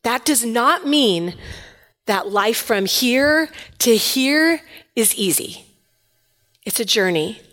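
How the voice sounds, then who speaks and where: A woman preaching a sermon, animated and casual with slangy asides, dropping to soft intimate tones for emphasis. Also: on the high side, slow pace, pauses often. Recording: long hall reverb.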